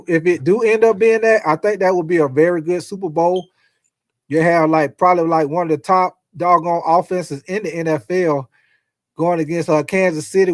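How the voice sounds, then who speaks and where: A man hosting a casual sports livestream, reading viewer comments and talking football with loose, profane, animated chatter. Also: a little high, dry recording. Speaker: sports talk livestream host.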